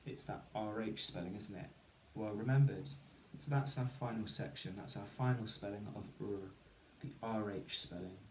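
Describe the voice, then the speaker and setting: A man's voice: fairly low pitch, fairly even intonation, moderate pace, hardly any pauses. A man teaching children phonics, counting in and sounding out words syllable by syllable, with encouraging praise. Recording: echoey room with faint ambient noise.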